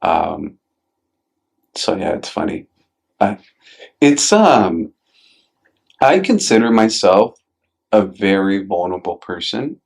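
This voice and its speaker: A man's voice: low-pitched, sing-song, slow pace, creaky, pauses often, darkish tone, slightly rough. A man hosting a podcast in a casual chat. He tells stories with many fillers and swears now and then, and acts out quotes in a raised voice. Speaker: podcast host.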